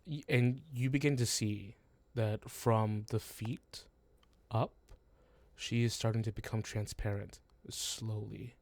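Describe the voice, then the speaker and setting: A man narrating as game master of a tabletop game, halting and full of restarts, on a close, dry home mic. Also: lowish voice, fairly even intonation, a little mellow, no room sound.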